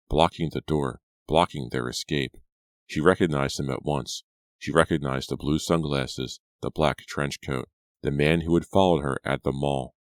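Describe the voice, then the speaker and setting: A man reading a thriller audiobook as its narrator, in a steady, measured delivery. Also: a bass voice, no echo, studio quality. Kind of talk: scripted narration.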